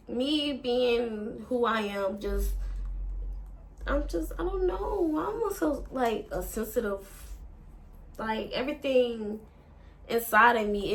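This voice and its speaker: A woman's voice: fairly high pitch, a bit bright. A woman vlogger, telling a breakup story in a rambling, emotional way and swearing a lot. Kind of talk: casual storytime.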